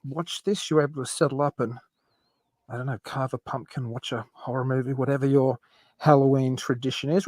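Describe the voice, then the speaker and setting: A man hosting a live podcast stream, chatting casually and warmly welcoming his audience. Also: medium pitch, dry recording. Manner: friendly, chatty, laughs easily. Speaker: podcast host.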